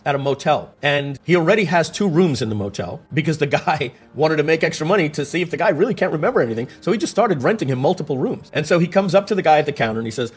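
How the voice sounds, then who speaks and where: A man with a mid-range, slightly rough voice explains something over a casual screen share, talking fast with few pauses. As a tech explainer, he's animated, telling stories and throwing in rhetorical questions.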